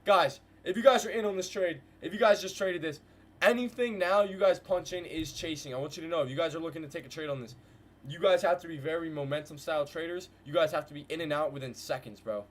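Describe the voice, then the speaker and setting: A man hosting a live trading stream, calling market moves to his viewers in a hyped, slangy way and repeating phrases in quick bursts. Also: on the high side. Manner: hyped, slangy, talks to chat with "guys" and "bro". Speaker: trading livestream host. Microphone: desk mic with headphones.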